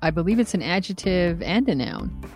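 A woman's voice: lowish voice, expressive, normal speed, darkish tone, soft background music. A woman co-hosting a podcast, chatting casually, laughing easily and explaining words plainly. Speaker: podcast co-host.

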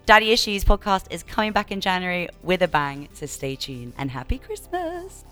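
A woman's voice: fairly low pitch, moderate pace, faint music behind. A woman hosting a podcast, asking questions and reading her outro with enthusiasm. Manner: lively and enthusiastic. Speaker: podcast host.

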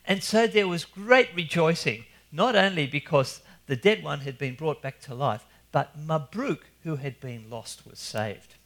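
A man telling a story to an audience, acting out the characters' lines, with sudden loud cries in the dramatic moments. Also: on the high side, a little slow, few pauses. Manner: animated storyteller, acts out voices and shouts for help. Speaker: Christian speaker telling an anecdote. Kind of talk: storytelling talk.

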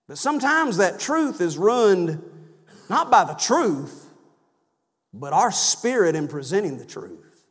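Man, high-pitched Baptist-style preacher, emphatic and dynamic, in a reverberant sanctuary. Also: sing-song, slow pace, husky. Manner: rising to loud emphatic cries, then dropping low and soft. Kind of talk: sermon. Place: church sanctuary. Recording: long church reverb.

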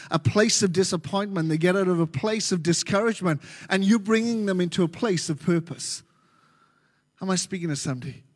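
An Australian man preaching a sermon as pastor, animated and joking with his congregation. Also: high-pitched. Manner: animated, jokey preaching with quick asides. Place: large church hall. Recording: reverberant church hall.

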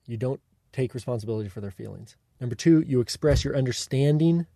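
A man explains things in a mellow, relaxed voice, at a middle pitch. His delivery is deliberate and coaching, and he keeps pausing to ask "okay?" and "right?". The sound is close and dry, with almost no room around it. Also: creaky, no echo. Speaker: self-help teacher. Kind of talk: instructive monologue.

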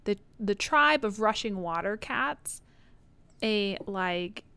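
A woman's voice: medium pitch, animated, slow pace, vocal fry, sharp tone, smooth. A woman co-hosting a podcast, chatting animatedly about a book with swearing and playful asides. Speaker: podcast co-host. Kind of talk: casual book discussion.

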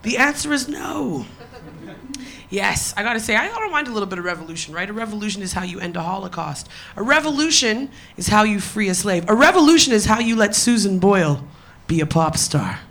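Bright-voiced woman doing profane stand-up. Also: medium pitch, animated, brisk. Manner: profane, punchy. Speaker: stand-up comedian. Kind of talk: stand-up set. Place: live comedy stage.

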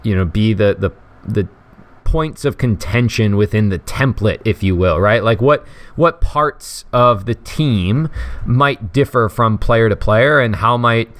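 On a podcast, a male co-host chats casually and jokingly about fantasy football, full of fillers and restarts. His voice is fairly low and unhurried.

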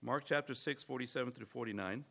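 A man's voice: medium pitch, fast, gravelly, bright, forceful tone. A man preaching a sermon, emphatic, full of rhetorical questions and stammering restarts.

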